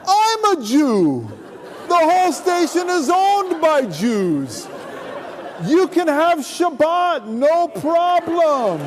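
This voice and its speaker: A man's voice: very high-pitched, huge pitch swings, fast talker, a crowd in the background, background noise, voice pushed up, heavily acted. A man voicing an exuberant, friendly coworker at a TV station, drawing out his words with a laugh in them, heard in a hall with long reverb. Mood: delighted.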